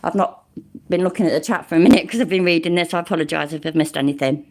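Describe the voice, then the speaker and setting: A woman's voice: low voice, quick pace, a little mellow. A middle-aged woman with a British accent hosting a casual livestream, sarcastic and sweary, laughing as she mocks a legal document she reads aloud. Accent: English (British). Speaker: livestream host reading a legal document to chat.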